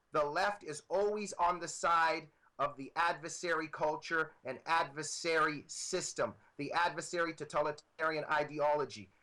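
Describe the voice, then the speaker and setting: A man's voice: on the high side, bright, forceful tone, low-quality recording. A man appearing as a guest author, arguing with emphatic, repetitive political commentary over a computer microphone.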